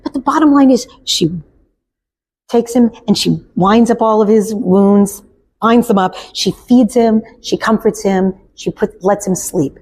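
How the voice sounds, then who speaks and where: Woman, therapist, guest, expressive storytelling, faint background hiss. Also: mid-range voice, unhurried. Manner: animated storyteller acting out characters' lines. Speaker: therapist and parent coach guest. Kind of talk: storytelling in conversation.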